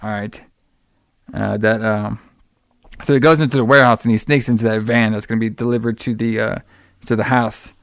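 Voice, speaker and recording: A man's voice: lowish voice, fairly even intonation, a little fast, pauses often, clean tone, no room sound, clean studio sound. A man in casual chat, retelling a movie plot in a loose, profane, rambling way and laughing often. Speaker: podcast co-host recapping a movie.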